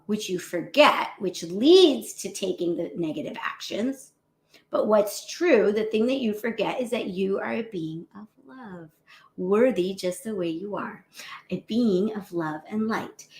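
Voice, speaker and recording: A woman physician talks in a casual, encouraging way and acts out the harsh voices people use on themselves. Her pitch is mid-range but very lively, jumping high and dropping low. The sound has a roomy echo. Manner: animated, acts out self-critical inner voices, often adds "right?". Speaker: physician and motivational host. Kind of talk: casual motivational talk.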